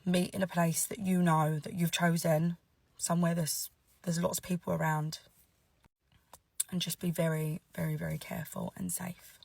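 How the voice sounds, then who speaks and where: A woman gives earnest advice to viewers, stressing points by repeating words. Her voice is low and full of vocal fry. She sits somewhat back from the mic in a dry space. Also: no echo, distant mic.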